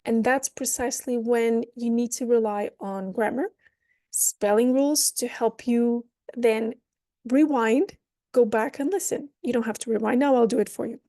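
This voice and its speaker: A woman teaching a language lesson, unpacking the rules with playful metaphors. Her voice sits fairly high but has a mellow, soft-edged tone. The recording is dry and close, with no room sound. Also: no room sound. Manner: explains with playful metaphors, models phrases slowly then at natural speed. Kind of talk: online lesson.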